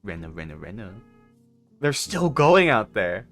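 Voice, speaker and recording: A man's voice: on the low side, very animated, a little slow, fairly bright tone, faint music behind. A man streaming from a parked car, chatting casually with viewers, giggling often and rambling. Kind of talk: casual live-stream chat.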